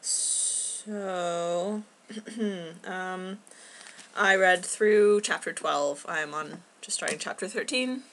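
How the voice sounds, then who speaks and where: A woman's voice: fairly low pitch, drawn-out words, fairly bright tone, slight background noise. A young woman chatting casually at home in a video blog, rambling and scattered with lots of ums. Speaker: book club vlogger.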